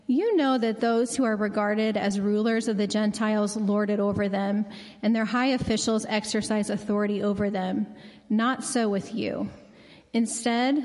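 A woman reading a scripture passage aloud in church, measured and clear. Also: medium pitch, darkish tone. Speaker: scripture reader. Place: church sanctuary. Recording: long reverb of a large hall.

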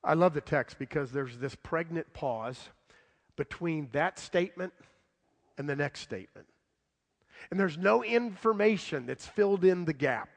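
Male preacher, slightly high voice, dramatic delivery that acts out the story's voices, long hall reverb. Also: animated, unhurried, creaky. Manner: dramatic, swings from loud to hushed. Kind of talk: sermon.

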